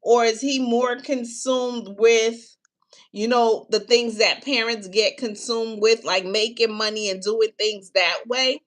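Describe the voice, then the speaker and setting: Slow-talking woman reading tarot live. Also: a little high, steady tone, a bit bright. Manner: calls viewers baby and honey, unhurried and chatty. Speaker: tarot reader taking live questions.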